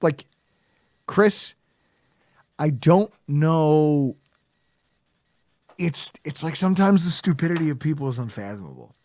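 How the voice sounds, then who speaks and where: A man hosting a casual sports podcast, ranting in an animated, sarcastic, heckling way. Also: fairly high pitch, a little slow, long pauses, no room sound. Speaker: podcast host.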